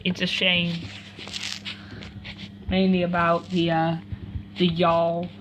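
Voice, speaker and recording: A woman's voice: on the low side, completely flat delivery, takes it slowly, background noise. A woman vlogging casually at home beside a washing machine, rambling and correcting herself as she goes. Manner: rambling, self-correcting, chatty asides. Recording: dull lo-fi home recording.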